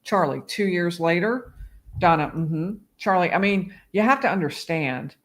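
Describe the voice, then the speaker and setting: Lawyer host on a live stream, somewhat higher-pitched man narrating transcripts with commentary. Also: expressive, a little slow, a bit bright. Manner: reads out transcript quotes with asides.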